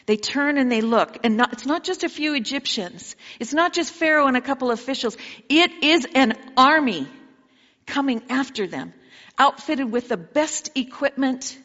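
A woman delivers a sermon in a fairly high voice, retelling the story dramatically and asking her listeners pointed questions. Her voice carries a long reverb from a large hall. The recording is dull and muffled. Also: fairly bright tone. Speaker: preacher.

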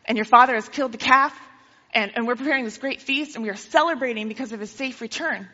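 Picture a woman putting on a breezy young servant bursting with eager news. The voice is high and bright, and it echoes in a long hall reverb on a slightly dull recording. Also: quick pace.

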